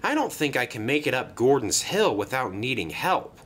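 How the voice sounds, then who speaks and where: A man's voice: mid-range voice, sing-song, moderate pace, fairly bright tone, husky. A man voicing a tired male steam engine that groans and complains. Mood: weary. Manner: groaning, weary.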